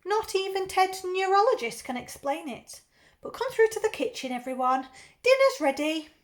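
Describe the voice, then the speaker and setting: A woman voicing a brisk, practical mother who calls her family to dinner, her voice lifted high. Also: big pitch swings.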